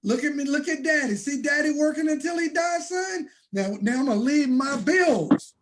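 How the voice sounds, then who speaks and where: A man's voice: extremely high pitch, animated, normal speed, pitched above the performer's own voice. A man voicing a dying father in debt. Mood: pleading. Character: dying indebted father talking to his son.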